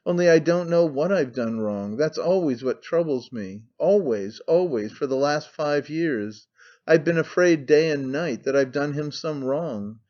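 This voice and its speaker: A fearful, half-mad woman speaking in a brooding, uneasy way, slipping into scorn, as a man reads her lines. The voice sits a little high, and the recording is dull and lo-fi. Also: measured pace, darkish tone, close to an everyday voice. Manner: anxious, brooding, turning scornful.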